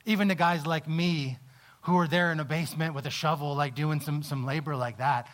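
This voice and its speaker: A man preaching a sermon, telling a personal story with halting restarts, lively in the telling and quiet in reflection. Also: fairly high pitch. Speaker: pastor.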